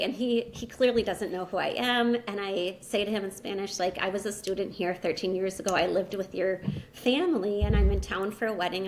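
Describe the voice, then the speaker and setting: A woman's voice: medium pitch, slight background noise. A woman in her thirties, a podcast guest and language teacher, tells a personal story in a casual, chatty way, peppering her speech with "like" and "you know.".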